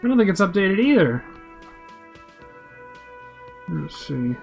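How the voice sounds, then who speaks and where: Excitable man chatting during a game stream. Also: high-pitched, slow, creaky, faint music behind. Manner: animated, swears, laughs with chat. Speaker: game streamer describing for blind viewers. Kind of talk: live let's-play with chat.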